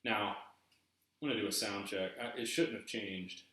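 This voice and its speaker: A man's voice: lowish voice, moderate pace, bright, forceful tone. A man from eastern North Carolina with a Southern accent, hosting a casual video and rambling with many fillers and restarts. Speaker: YouTube host. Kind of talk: casual vlog commentary. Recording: very echoey room.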